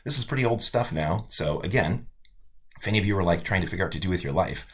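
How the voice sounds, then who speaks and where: A male college instructor giving a casual, animated weekly update to his online students. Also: deep voice, quick pace. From United States.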